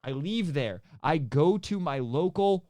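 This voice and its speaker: A man's voice: fairly high pitch, lively intonation, unhurried, dark tone, no room sound. A young man, telling a rambling, profane story on a podcast and laughing often. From Canada. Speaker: podcast co-host. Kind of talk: casual chat.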